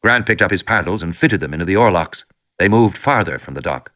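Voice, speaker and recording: A man's voice: deep voice, animated, fairly quick, a bit bright. A man reading an audiobook with dramatic, tension-building storytelling. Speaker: audiobook narrator. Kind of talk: scripted narration.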